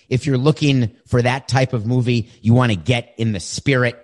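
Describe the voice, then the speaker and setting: A man's voice: medium pitch, steady tone. Wry, emphatic man hosting a monologue. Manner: wry, emphatic, shifts between quick asides and slow deliberate points. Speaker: show host. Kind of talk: monologue commentary. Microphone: camera setup.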